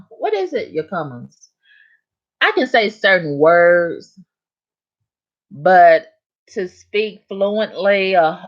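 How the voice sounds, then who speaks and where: Woman, low voice, casual live stream chat, reads viewer comments aloud, dull stream audio. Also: a bit bright.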